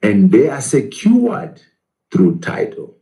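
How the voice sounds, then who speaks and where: Prof guy in an interview, mellow warm voice, keeps firing off questions and answering them. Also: medium pitch, huge pitch swings, slow, gravelly, faint music behind, rough recording. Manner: emphatic, poses rhetorical questions and answers them. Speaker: professor interviewed as guest. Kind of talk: political interview.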